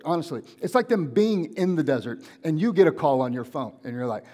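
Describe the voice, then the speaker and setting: Animated preacher man. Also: fairly high pitch, fairly quick, hardly any pauses. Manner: animated, acts out everyday dialogue in different voices. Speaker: pastor. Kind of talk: casual sermon. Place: church auditorium.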